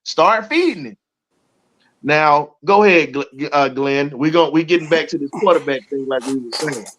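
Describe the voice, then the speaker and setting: A man's voice: on the high side, normal speed, a bit bright. A man with a Southern US accent hosting a heated sports talk show, fired up and colorful in his trash talk. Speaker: show host. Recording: dull lo-fi audio.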